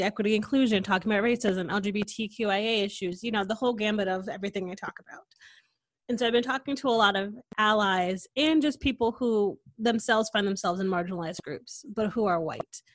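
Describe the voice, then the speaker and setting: A woman hosts a podcast chat, talking with animated, outspoken earnestness. Her voice sits at an ordinary middle pitch. The sound is close and dry, with no room around it. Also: quick pace, no echo. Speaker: podcast host. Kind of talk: casual podcast conversation.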